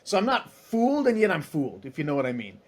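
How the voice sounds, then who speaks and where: Chatty guy in his 40s on a podcast, kinda high voice, animated, keeps restarting sentences. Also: fast talker. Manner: animated, acts out dialogue in other voices; chatty, many restarts and asides. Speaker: guest, tech executive. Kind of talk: casual interview storytelling.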